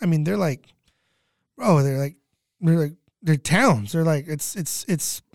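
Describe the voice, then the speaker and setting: A man's voice: on the high side, animated, measured pace, dry recording, clean studio sound. A man in his thirties telling stories from relief work in a casual chat, rambling with lots of fillers and swearing. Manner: rambling, many "you know" fillers, swears. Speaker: guest, disaster relief cook.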